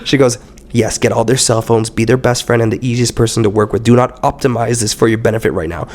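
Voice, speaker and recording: A man's voice: mid-range voice, quick pace. A young man, a startup founder on a podcast, chatting casually and acting out what people said to him, with plenty of swearing. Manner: animated storyteller who acts out quotes with lots of swearing. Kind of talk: casual interview chat.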